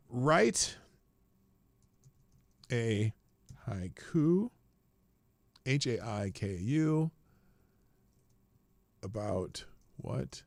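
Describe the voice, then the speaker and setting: A man's voice: medium pitch, creaky, no room sound. A man hosting a casual livestream show, rambling, profane and flippant, tired and yawning as he talks.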